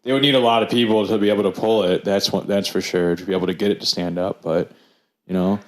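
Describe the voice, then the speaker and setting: Rambling low-voiced podcast co-host man. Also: fairly even intonation, fast. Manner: rambling, many fillers and restarts. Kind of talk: casual chat.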